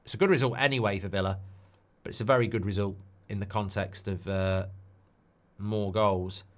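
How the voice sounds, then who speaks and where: A man hosting a live football watchalong, chatty and animated, with quick asides about the scores. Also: lowish voice. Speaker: host.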